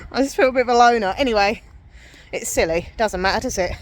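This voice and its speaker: Speaking a little high and briskly, this English vlogger chats to her camera in a self-deprecating way. She wanders about outside before ending up in a busy café.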